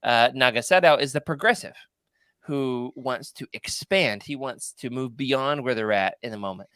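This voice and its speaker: A man hosting a casual podcast roundtable, talking in an emphatic, animated way. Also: medium pitch, normal speed, no echo, clean studio sound. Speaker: podcast host.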